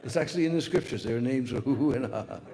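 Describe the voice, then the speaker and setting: A man's voice: medium pitch, fast. A man giving a spiritual lecture, telling a story with lots of "uh" fillers. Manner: animated storyteller with many fillers. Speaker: spiritual speaker. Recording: long hall reverb.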